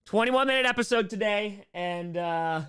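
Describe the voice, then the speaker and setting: A man hosting a casual livestream Q&A, excitable and playful, shouting out donors' names and making little sound effects to thank them. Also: high voice, normal speed, clear, resonant tone. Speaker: livestream host.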